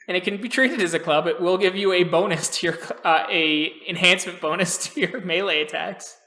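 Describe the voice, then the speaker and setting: Calm game master in an echoey room. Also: male voice, high voice, a little fast. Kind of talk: narrating a tabletop game.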